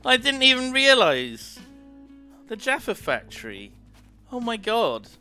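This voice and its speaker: Bright, excitable sweary man streaming. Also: very high-pitched, takes it slowly, clean tone, soft background music. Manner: excitable, sweary, loud outbursts. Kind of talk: casual live-stream chat.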